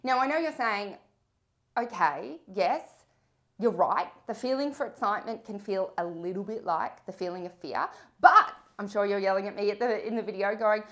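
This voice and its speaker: A woman's voice: mid-range voice, moderate pace, fairly bright tone. A middle-aged woman coaching horse riders, telling a story and acting out the dialogue. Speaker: riding coach. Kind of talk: motivational coaching talk to camera.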